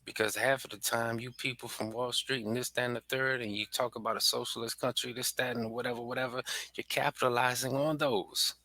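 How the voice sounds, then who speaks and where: Male podcast host, low gravelly voice, dry close sound, angry profane preaching monologue. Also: flat delivery, a little fast, hardly any pauses, sharp tone, dry recording. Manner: profane, fired-up, preaching to listeners. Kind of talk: heated ranting monologue.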